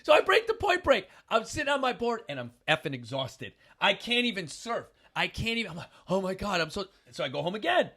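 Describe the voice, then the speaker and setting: A middle-aged man hosting a casual talk show, telling a story with animated bursts of loud acting-out. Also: high-pitched, a little fast, hardly any pauses, slightly rough. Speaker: podcast host.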